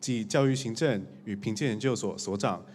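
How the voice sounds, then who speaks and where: A man's voice: lowish voice, brisk, a little mellow. A man acting as emcee, formally introducing the next judge. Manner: formal, reads out a full title. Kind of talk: formal announcement.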